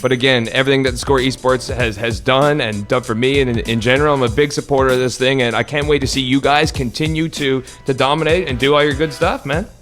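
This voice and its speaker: A man who is a regular on a podcast, talking in an animated, ranting way at the studio desk. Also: mid-range voice, fast, few pauses, soft background music. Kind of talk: casual podcast banter.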